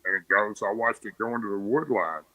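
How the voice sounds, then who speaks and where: A man from Tennessee tells a long story as a podcast guest, speaking in a plain, rambling way with restarts. His voice sits on the low side yet sounds very bright. The recording is close and dry. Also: a little fast, no room sound, low-quality recording. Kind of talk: casual storytelling.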